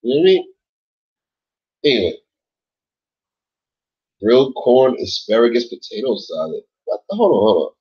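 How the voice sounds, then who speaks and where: A man's voice: mid-range voice, very animated, moderate pace, pauses often, husky, muffled recording. A man hosting a late-night casual livestream, chatting with viewers in a laid-back, rambling way, swearing often and filling his talk with "like" and "yo.". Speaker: livestream host reading chat.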